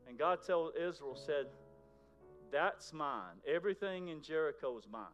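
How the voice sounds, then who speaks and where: A man preaching a sermon in a conversational way, moving between loud emphasis and near-whispers. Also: fairly high pitch, lively intonation, a little slow, highs cut off, soft background music. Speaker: pastor.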